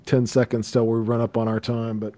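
A man co-hosts a podcast in relaxed, chatty talk, quick to laugh. His voice sits at an ordinary middle pitch. It is recorded close on a dry mic with no room sound. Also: dry recording. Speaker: podcast co-host. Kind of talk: casual podcast chat.

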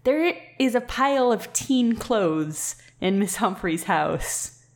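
A woman's voice: a little high, expressive, slow. A woman co-hosting a podcast, cracking jokes and giggling between passages she reads aloud. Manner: joking, giggly commentary. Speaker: podcast co-host. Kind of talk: casual banter and read-aloud.

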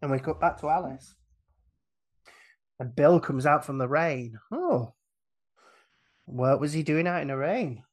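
Animated man recapping a film. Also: on the high side, unhurried, pauses often. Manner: animated plot recap, acts out the characters' lines, laughs often. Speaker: podcast guest retelling a film. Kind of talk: casual podcast chat.

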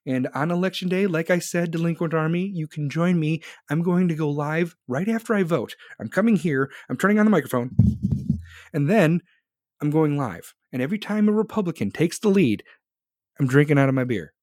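Animated and a little fast, his voice is a little high and a little mellow, recorded in a studio with no echo. The man, in his forties, hosts a live podcast where he reads chat and launches into blunt, angry, heavily profane rants.

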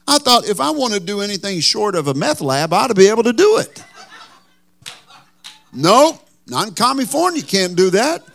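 A man's voice: sits high, very animated, moderate pace, vocal fry, fairly bright tone. A man preaching a sermon as pastor, telling a folksy, joking story.

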